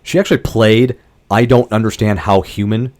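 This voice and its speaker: Brief: male co-host, lowish voice, sarcastic and emphatic, swears a lot. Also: fairly even intonation, normal speed, a little mellow. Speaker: podcast co-host. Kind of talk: casual chat about a film.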